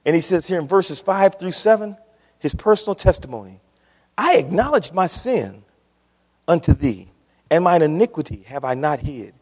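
A man's voice: fairly high pitch, expressive, moderate pace, darkish tone. A man preaching a sermon to his congregation, impassioned and repetitive, often calling out to the church. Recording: reverberant church hall.

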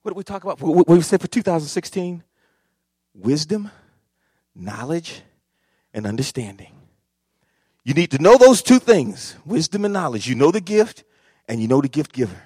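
A male pastor preaching a sermon, swinging from quiet talk to shouting and calling out to the congregation. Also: on the high side, very animated, moderate pace, pauses often, breathy edge, no room sound, studio quality. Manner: repeats phrases, calls out to congregation.

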